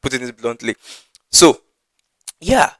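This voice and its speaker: A man preaching about scripture in an earnest, halting way, tripping over words and repeating them as he goes. His voice sits at an ordinary middle pitch. The sound is dry and close, with little room echo. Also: big pitch swings, a bit bright. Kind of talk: Bible teaching.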